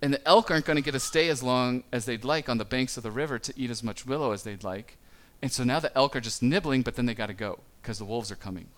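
A man's voice: medium pitch, fairly bright tone. Man preaching in a conversational way. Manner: conversational, with small stumbles and quick acted-out quotes. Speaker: pastor. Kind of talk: sermon.

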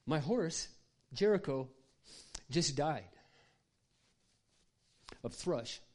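A preacher putting on a grieving young woman who is overwhelmed with distress. The voice is lifted somewhat higher and sounds pleading. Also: animated, extremely slow, a little mellow, full character voice. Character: grieving young woman, devastated horse lover.

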